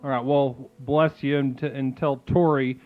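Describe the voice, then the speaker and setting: A man's voice: mid-range voice, flat delivery, normal speed. Male comedic call-in host, soothing new-age guru patter, lo-fi phone-like sound with faint music.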